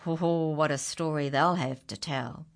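A woman reading a rhyming children's picture book aloud, dramatic, dropping to hushed whispers and rising to high exclamations. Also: steady tone, normal speed, gravelly. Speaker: children's story reader.

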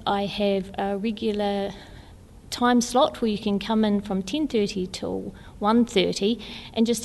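A woman with a New Zealand accent, an environmental hub coordinator, answering interview questions in an informative, steady way with fillers. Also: medium pitch, big-room sound. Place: kiosk in botanic gardens.

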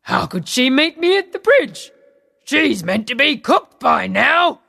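A woman voicing a big, boastful, cruel male giant who shouts and laughs slowly. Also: big pitch swings, creaky, breathy edge, full character voice. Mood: gruff. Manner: booming shouts, slow gloating laugh.

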